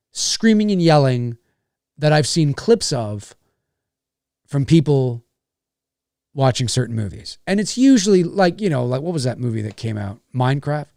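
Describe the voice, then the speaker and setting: A man's voice: on the high side, darkish tone, no echo, studio quality. Rambling man, swearing. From Canada. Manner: rambling, profane, frequent restarts. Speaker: YouTube host. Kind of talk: casual livestream rant.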